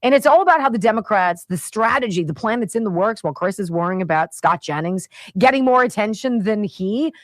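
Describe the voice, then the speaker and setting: A woman hosting a talk radio show, delivering an indignant, animated opinion monologue into a studio microphone. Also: medium pitch, brisk, few pauses, no room sound.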